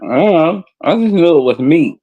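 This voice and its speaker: A man chatting casually on a livestream, making wry, sarcastic jokes in a drawn-out delivery. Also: a little high, lively intonation, dry recording, phone-quality sound. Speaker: stream co-host. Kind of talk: casual gossip chat.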